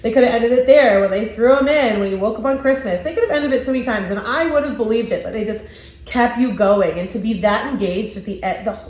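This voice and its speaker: A woman's voice: fairly high pitch, fast, darkish tone. A woman co-hosting a casual horror podcast, talking enthusiastically with fillers about a film's costumes. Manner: enthusiastic, many fillers and restarts. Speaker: podcast co-host. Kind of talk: casual movie review chat. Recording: roomy echo.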